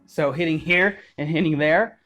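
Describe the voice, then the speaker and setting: A man's voice: moderate pace, fairly bright tone. Man counting out dance beats. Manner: loose and rambling, counting beats with "boom". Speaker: popping dance teacher. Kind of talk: casual spoken dance tutorial.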